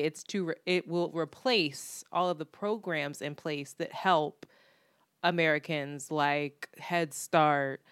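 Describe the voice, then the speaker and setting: A woman's voice: low-pitched, clean tone, no room sound, studio quality. A woman co-hosting a podcast in casual chat, talking bluntly with plenty of profanity and acting out what other people said. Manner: blunt, profane, animated storytelling with quoted voices. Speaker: podcast co-host.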